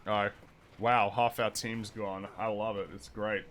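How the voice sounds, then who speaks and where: An Australian man with a lowish voice chats casually while he games on stream. He rambles, hesitates and restarts his sentences, with a wry edge. A faint hum of noise sits behind him. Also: flat delivery, unhurried, a bit bright. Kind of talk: casual chat while gaming.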